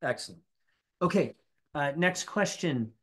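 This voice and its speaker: A woman's voice: low-pitched, expressive, unhurried. A woman co-hosting a parenting class, reading out the next question with brief affirmations. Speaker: co-host moderating questions.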